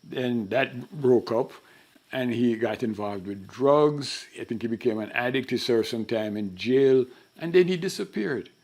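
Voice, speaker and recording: An older man tells stories from his past in an interview. He is an animated storyteller who slips into the voices of the people he quotes. His voice sits in an ordinary middle register. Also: mid-range voice, a little slow.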